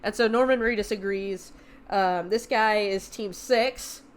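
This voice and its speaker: A young woman hosting a podcast, recapping a movie in a casual, animated, profanity-laced way full of fillers. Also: mid-range voice, unhurried. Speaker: podcast host.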